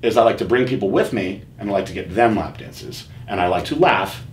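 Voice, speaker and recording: A man's voice: on the low side, expressive, brisk. Male podcast host, candid and profane, casual storyteller, echoey room, faint hiss.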